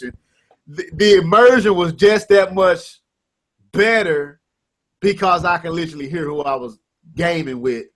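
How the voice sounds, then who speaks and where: A man in his thirties co-hosts a casual gaming podcast. His voice sits a little higher than most men's. He tells stories animatedly, with restarts and quoted banter from friends. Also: normal speed, a bit bright. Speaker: podcast co-host.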